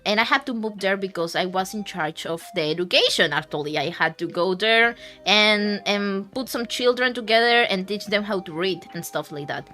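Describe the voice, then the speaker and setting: Woman streamer, bright crisp voice, giggly and foul-mouthed, faint music behind. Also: mid-range voice. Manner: laughs often, swears, rambling storyteller. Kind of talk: casual stream chat.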